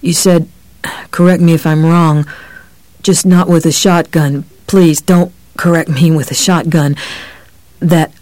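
A man voicing a frightened, injured writer who trembles, pleads and yells high in panic. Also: level tone, unhurried, long pauses, dry recording, natural voice. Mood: trembling. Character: frightened male writer, Johnny, in pain.

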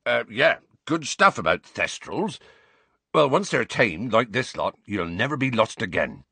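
A man voicing a big, gruff, kindly half-giant teacher who talks in a halting, folksy way. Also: mid-range voice, big pitch swings, sharp tone, no echo, pitched above the performer's own voice, heavily acted. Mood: flustered.

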